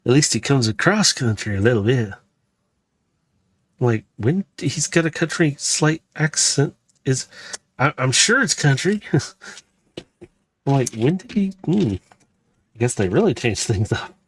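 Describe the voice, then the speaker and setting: Very animated but unhurried, this Missouri man speaks in a husky, mid-range voice and pauses often. He's building a Lego set for his channel, rambling chattily with frequent fillers and self-corrections.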